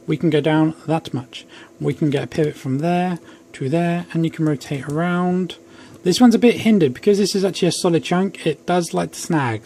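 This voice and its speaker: A young man casually reviews an action figure at home, rambling and making fun of himself along the way. His pitch is fairly high and his tone darkish. Faint noise can be heard in the background.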